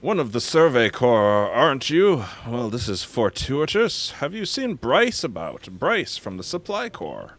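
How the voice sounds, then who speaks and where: A man voicing a hearty male frontier villager from a video game, reading the lines aloud in a loud, theatrical way. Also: medium pitch, very animated, a little slow, few pauses, voice pushed up.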